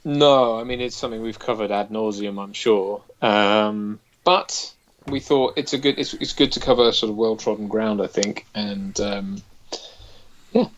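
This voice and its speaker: A man co-hosts a live stream in a relaxed, dry manner. His delivery is unhurried and understated, with playful asides. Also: lowish voice, highs cut off, a little hiss or hum. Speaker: stream co-host. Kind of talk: casual live-stream chat.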